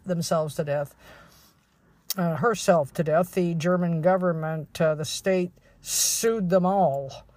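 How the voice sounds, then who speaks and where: A woman's voice: lowish voice, darkish tone, dry recording. A woman hosting her own podcast, talking in a rambling, chatty way with blunt, outspoken asides. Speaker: podcast host. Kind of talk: casual solo podcast monologue.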